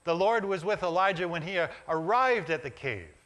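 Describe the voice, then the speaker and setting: Man, pastor, sermon, reflective, short repeated phrases, fairly high voice, bright and forceful. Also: animated, moderate pace. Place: church sanctuary.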